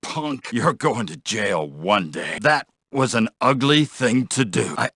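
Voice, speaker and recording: An actor playing a corrupt, bullying middle-aged police officer in video game voice lines, gruff and menacing, recorded on a studio mic. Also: male voice, mid-range voice, very animated, slow, fairly bright tone, no room sound, exaggerated voice. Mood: angry taunts.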